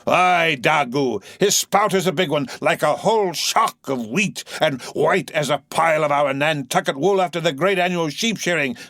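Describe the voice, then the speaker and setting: A man's voice: a little high, moderate pace, hardly any pauses, a bit bright, pitched above the performer's own voice. A man voicing an obsessed, vengeful old sea captain in an audiobook, with impassioned, thundering speech. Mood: raging.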